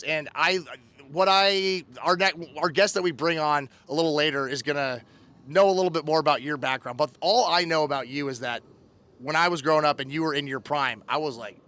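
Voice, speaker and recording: A man's voice: on the high side, pushed and bright. A man in his thirties hosting a casual recap show, animatedly retelling a story and acting out quotes. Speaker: host.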